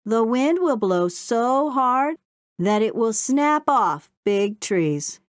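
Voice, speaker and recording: A woman's voice: a little high, big pitch swings, takes it slowly, no echo, studio quality, pitched above the performer's own voice. A woman voicing a lazy, teasing male beaver in a storybook reading.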